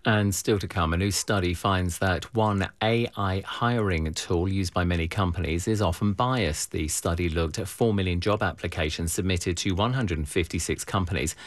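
A man hosting local public radio, announcing what is coming up in a smooth, steady way. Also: low-pitched, moderate pace, hardly any pauses, no echo.

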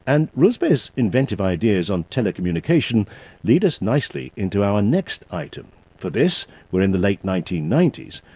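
A man presents scripted broadcast links in a dark, husky voice with lively rises and falls. The sound is dry and close, like a small studio. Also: on the low side, no room sound. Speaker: program presenter.

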